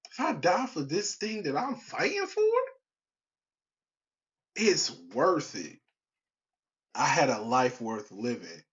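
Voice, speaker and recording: A man's voice: mid-range voice, dull audio. A young man hosting his own podcast in a casual, rambling way, full of slang and restarts. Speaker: podcast host. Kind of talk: casual solo podcast chat.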